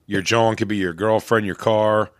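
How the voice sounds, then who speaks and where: A man's voice: fairly low pitch, fairly even intonation, moderate pace, dry recording, clean studio sound. A man with a Philadelphia accent, a comedian guest chatting in a loose, rambling way from home. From West Philadelphia, USA. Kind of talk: casual chat. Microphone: remote podcast mic at home.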